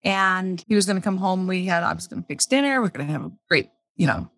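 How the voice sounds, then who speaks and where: A woman's voice: on the low side, expressive, fast talker, a bit bright, no echo. Candid woman telling a personal story. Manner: candid, plain-spoken, repeats phrases for emphasis. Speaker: podcast guest.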